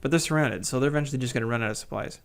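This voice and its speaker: A man's voice: mid-range voice, very fast, gravelly. A man giving casual, wry play-by-play commentary on a strategy game he is playing. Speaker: gaming channel host.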